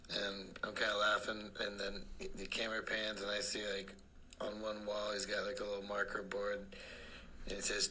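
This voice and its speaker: A man telling a recorded stand-up joke in a deadpan storytelling way. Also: on the low side, moderate pace, slight background noise, rough recording. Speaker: comedian.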